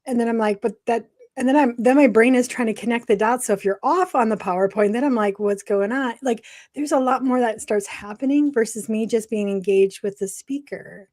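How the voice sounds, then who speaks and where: A middle-aged woman co-hosting a casual podcast, talking in an animated, chatty way and laughing often. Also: on the high side, fairly quick, few pauses. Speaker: podcast co-host.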